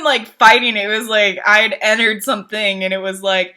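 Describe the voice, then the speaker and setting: A woman streamer in casual chat, telling game stories with frequent laughs and swearing, acting out her own outbursts. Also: normal speed. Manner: animated storytelling, laughs often, swears, acts out her own outbursts in a high voice.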